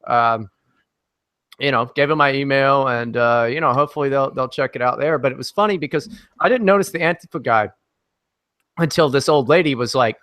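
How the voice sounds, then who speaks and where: A man on as a guest in a casual podcast chat, telling a story in a brash, profane, animated way. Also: mid-range voice, a little fast, no room sound.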